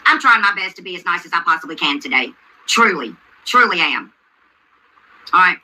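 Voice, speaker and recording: Middle-aged woman livestreaming, super bright voice, calls everyone baby and honey, calm but pointed. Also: fairly low pitch, moderate pace, slight background noise, low-quality recording. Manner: calls viewers baby, honey and sweetheart while calling out a rival; insists she is calm and not screaming. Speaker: YouTube commentary host. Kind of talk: casual livestream commentary.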